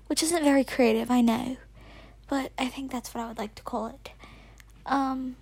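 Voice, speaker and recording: A woman's voice: high-pitched, fairly even intonation, fairly quick, creaky, darkish tone, dry recording. A woman hosting a podcast in a put-on British accent, rambling nervously with whispered asides and self-corrections. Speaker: podcast host. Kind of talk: casual rambling monologue.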